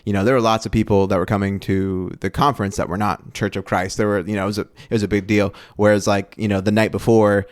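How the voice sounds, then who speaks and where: A man with a lowish voice tells stories on a podcast he co-hosts. He talks in a loose, animated way, full of fillers and restarts as he builds each anecdote. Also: fast, few pauses. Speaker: podcast co-host. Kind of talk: casual conversation, storytelling.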